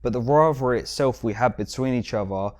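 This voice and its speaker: A man with a London accent, a jewellery shop owner, chatting casually as a podcast guest and telling stories about the business. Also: fairly quick. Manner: animated storyteller, mimics customers with sudden high bursts.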